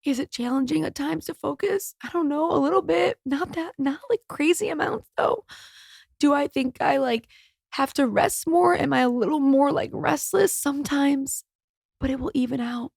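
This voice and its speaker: A woman's voice: sits high, moderate pace, gravelly, a little mellow, no room sound, studio quality. A woman in her thirties hosting her own podcast, talking in a heartfelt, emotional way and swearing casually. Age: 30s. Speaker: podcast host. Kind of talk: personal podcast monologue.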